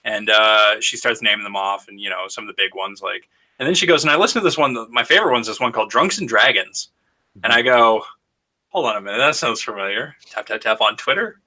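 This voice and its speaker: Bright-voiced man telling stories. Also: lowish voice, a little fast. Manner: animated storyteller, acts out quoted voices. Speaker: podcast co-host. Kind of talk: casual chat.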